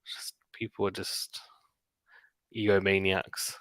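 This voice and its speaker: A man giving live play-by-play tennis commentary on a stream, calling the shots quickly and dropping into quiet chatty asides between points. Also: deep voice, little pitch movement, dry recording. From Britain. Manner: rapid calls of the rally mixed with quiet chatty asides.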